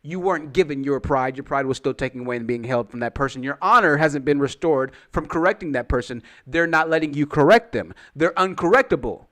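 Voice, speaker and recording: A man's voice: on the high side, expressive, a little fast, few pauses, fairly bright tone. A man giving casual reaction-video commentary, rambling and repeating himself in a candid, confessional way. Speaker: YouTube commentator.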